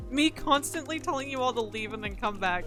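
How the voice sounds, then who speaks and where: A woman's voice: on the high side, expressive, a little fast, a bit bright, faint music behind. A woman streaming live, chatting in a playful, joking way and thanking her donors. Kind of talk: casual live-stream chat.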